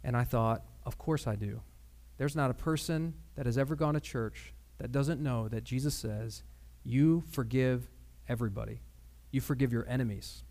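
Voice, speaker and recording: A man preaching a sermon with personal testimony, earnest and measured, with pauses and fillers. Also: medium pitch, darkish tone. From Michigan.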